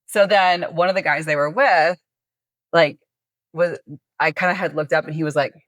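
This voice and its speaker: A woman's voice: deep voice, normal speed, fairly bright tone, no room sound. A woman hosting a podcast, telling a story in casual chat, acting out dialogue and swearing freely. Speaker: podcast host.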